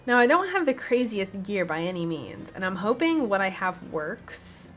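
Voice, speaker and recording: Girl talking thru her game run to viewers, casual and chatty, mid pitch, soft music in back. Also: very animated, normal speed. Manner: chatty, addresses viewers directly. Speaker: gaming video host. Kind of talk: casual gameplay commentary.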